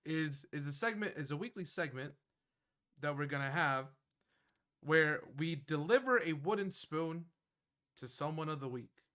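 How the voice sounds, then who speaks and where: A man hosting a casual sports podcast segment, his voice sitting a bit higher than most men's. He speaks in an easygoing way and restarts phrases now and then as he sets things up. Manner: relaxed, slightly halting, restarts phrases. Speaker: podcast host.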